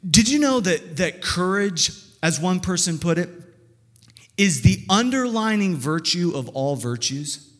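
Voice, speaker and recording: A male pastor with a notably high voice preaches in a warm, conversational way, stumbling over restarts and firing off rhetorical questions. His words ring out with a long reverb, as in a large hall. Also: very animated, unhurried. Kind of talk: sermon.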